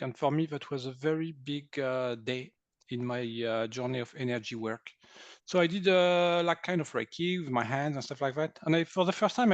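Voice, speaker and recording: A Frenchman in his sixties, an energy healer, speaks English with a French accent as an interview guest, his voice a little high with no echo and the highs cut off. He tells his story animatedly, laughing often and acting out what people said.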